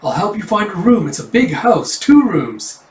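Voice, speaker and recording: A man voicing a kind, welcoming middle-aged aunt in a high, gentle voice during a comic readthrough. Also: big pitch swings, normal speed, lightly acted. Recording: roomy, slightly distant mic.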